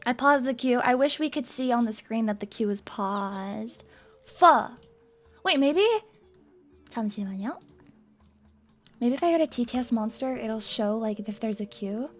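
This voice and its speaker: A young woman livestreamer chatting casually with viewers, playful and excitable, swearing and breaking into loud screams and laughs. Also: on the high side, a little fast, few pauses, faint music behind. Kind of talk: casual chat to stream viewers.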